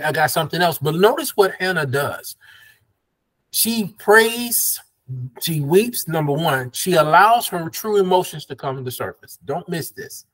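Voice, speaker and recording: A man's voice: a little high, fairly bright tone. A man from the American South leading an interactive Bible study as pastor, conversational and affirming, drawing call-and-response.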